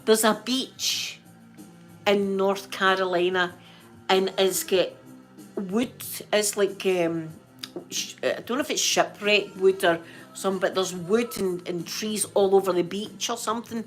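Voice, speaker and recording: A middle-aged Scottish woman hosting her channel, telling a story in an animated, chatty, colloquial way. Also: medium pitch, a little slow, faint music behind. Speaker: channel host. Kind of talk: storytelling chat.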